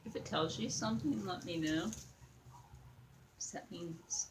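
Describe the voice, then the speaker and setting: A woman's voice: medium pitch, lively intonation, takes it slowly, pauses often, a little hiss or hum, low-quality recording. A young woman chatting casually as she works on a craft project, rambling and talking to her viewers and to a doll. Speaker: craft vlogger.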